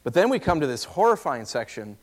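A man preaching a sermon in a conversational, animated way, acting out the voices he quotes. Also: a little high, a little fast.

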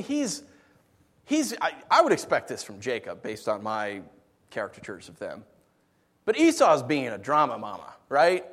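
Guy preaching, fairly high voice, playful storyteller, long hall echo. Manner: animated, playful storytelling with big vocal swings. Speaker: pastor. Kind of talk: sermon. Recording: long reverb of a large hall.

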